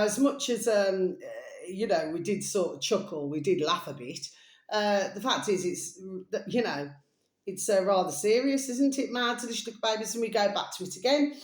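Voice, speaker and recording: A woman's voice: mid-range voice, roomy sound. A woman chatting in a rambling, casual monologue, calling her listeners her little babies. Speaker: vlogger.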